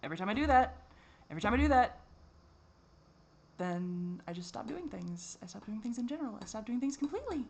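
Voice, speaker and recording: A tired man rambling in a personal vlog, swearing a lot and drifting between normal talk and low mutters. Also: sing-song, a little fast, vocal fry, pauses often, slight background noise. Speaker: vlogger.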